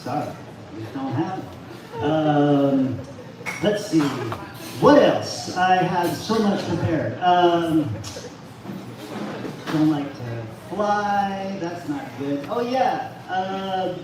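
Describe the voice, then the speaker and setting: A man doing a halting, self-deprecating stand-up set at an open mic in a bar. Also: fairly high pitch, expressive. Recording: echoey venue from far off, noisy.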